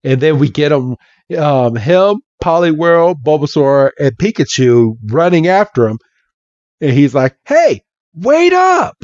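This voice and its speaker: A man's voice: a little high, a little slow, a little mellow, no echo, dull audio. A man hosting a podcast and retelling a comic chapter in a chatty, casual way. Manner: chatty, laughing storyteller. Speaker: podcast host.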